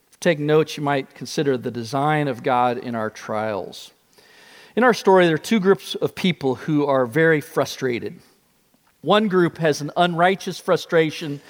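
A man preaching a sermon as pastor, telling the story in an animated way with shifting pace. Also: a little high, long reverb tail.

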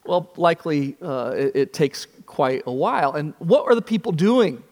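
A man preaching a sermon as pastor, telling the story in an animated way with shifting pace. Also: on the high side, normal speed, big-room sound.

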